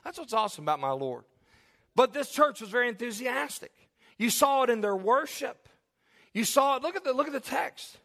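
A man's voice: very high voice, expressive, brisk, creaky, pushed and bright, in a large hall. A man preaching a sermon as pastor, emphatic with call-and-response and jokes, in a church sanctuary.

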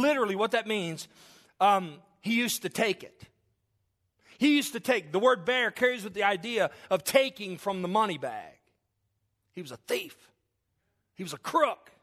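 A man preaching a sermon to his congregation, emphatic and repetitive, swinging between intense build-ups and quiet, low passages. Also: lively intonation, moderate pace, pauses often. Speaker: pastor.

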